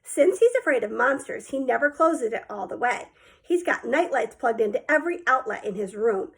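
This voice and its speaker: Woman reading a kids' book aloud, high voice with some gravel, lively storytelling. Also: normal speed. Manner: lively first-person storytelling. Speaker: audiobook reader. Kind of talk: storybook narration.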